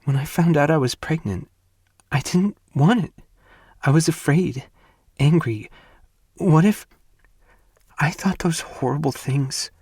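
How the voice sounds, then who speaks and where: A man's voice: mid-range voice, steady tone, fairly quick, creaky, hardly any pauses, mellow, dry recording, clean studio sound, voice pushed up. A man voicing a grieving young woman in an audiobook, fragile and guilt-ridden, with a small, tearful voice. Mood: sobbing. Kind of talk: audiobook character voice.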